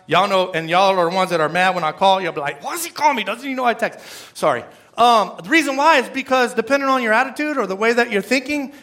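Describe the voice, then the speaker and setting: A man's voice: sits high, pushed and bright. A man preaching a sermon in a conversational way, often asking the congregation to respond. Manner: conversational, asks the crowd for responses. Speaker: pastor.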